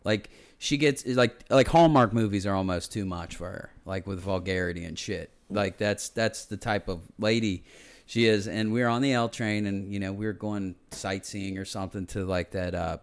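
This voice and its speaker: A man's voice: fairly low pitch, normal speed. A man co-hosting a podcast, telling profane, jokey stories in casual chat. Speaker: podcast co-host.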